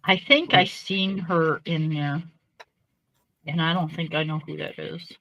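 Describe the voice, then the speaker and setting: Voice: mid-range voice, fairly even intonation, unhurried, creaky, bright, forceful tone, dull audio. A co-streamer on a call, chatting casually with joking, teasing asides. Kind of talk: casual chat.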